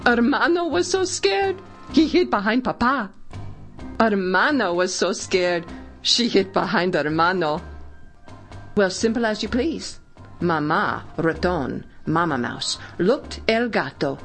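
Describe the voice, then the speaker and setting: A woman hosting a children's show, reading a story aloud with lively expression. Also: mid-range voice, takes it slowly, faint music behind.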